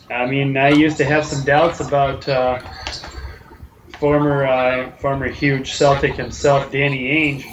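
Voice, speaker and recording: A male co-host runs through the night's games in a loose, rambling way, dropping fillers as he goes. His voice sits at an ordinary pitch, and a steady hiss of noise runs under the recording. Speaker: sports show co-host. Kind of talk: casual sports picks chat.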